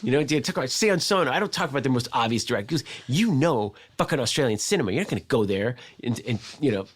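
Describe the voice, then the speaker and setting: A man doing an impression of an excitable male filmmaker who gives rapid, profane, emphatic advice. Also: mid-range voice, slightly rough, voice pushed up.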